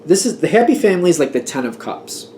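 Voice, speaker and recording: A man's voice: sits high, very animated, fast talker, warm tone, a little hiss or hum. A man giving a casual tarot reading, talking in a chatty, emphatic way as he gets worked up and laughs at himself. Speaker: tarot reader.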